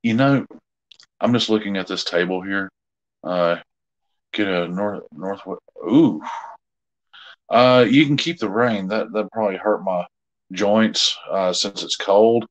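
A middle-aged man with a lowish voice speaks at a measured pace, and the audio sounds dull. Co-hosting a live jewelry sale, he chats casually with viewers in a rambling, easygoing way, using many fillers.

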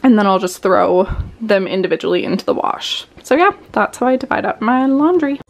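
A woman talks through her cleaning routine in a casual, chatty vlog style, stacking up fillers as she explains each step. Her mid-pitched voice carries a gravelly, creaky texture, and she sounds slightly out of breath from working while she talks. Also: lively intonation, brisk, slight background noise. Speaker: home cleaning vlogger.

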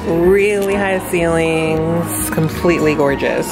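Young woman vlogger, gushing and casual, slightly low voice, a bit hoarse, loud backing music. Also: slow. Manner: gushing, upbeat, lots of fillers. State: hoarse, losing her voice. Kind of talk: casual vlog narration.

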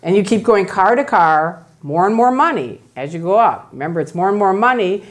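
A woman's voice: mid-range voice, brisk. A woman giving a public talk, telling stories and acting out the voices of the people in them. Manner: animated, acts out voices of others. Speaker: guest speaker.

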